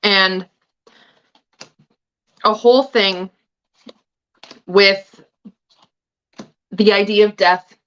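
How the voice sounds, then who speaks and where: A woman's voice: mid-range voice, steady tone, drawn-out words, pauses often, clear, resonant tone, dull audio. A woman hosting a tarot livestream, chatting casually and swearing freely while she snacks between thoughts.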